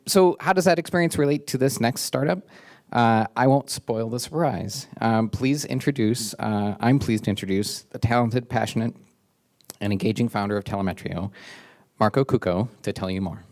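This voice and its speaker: A man's voice: medium pitch, moderate pace, darkish tone. A man, an entrepreneur, giving a casual stage introduction of the next speaker, informal and full of ums and uhs.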